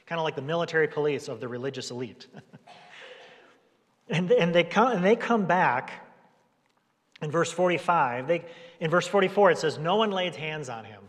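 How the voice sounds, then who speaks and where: A man preaching a sermon as a pastor, talking in a relaxed conversational way and briefly putting on voices for the people in his story. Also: on the high side, moderate pace, pauses often. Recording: long hall reverb.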